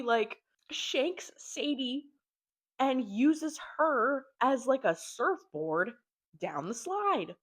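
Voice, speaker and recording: A woman's voice: a little high, slow pace. A young woman casually recapping a horror novel, full of slang and "like" fillers, acting out the characters' lines as she goes. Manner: slangy, filler-heavy storytelling with lots of "like"; animated, acts out characters' lines. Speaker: book reviewer.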